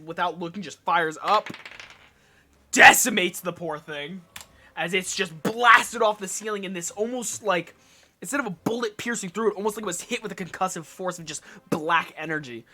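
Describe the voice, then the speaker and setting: A man with a high, bright and forceful voice runs a tabletop game as its game master. He paints each scene in vivid narration and drops in his own sound effects. His tone stays sharp and ringing throughout.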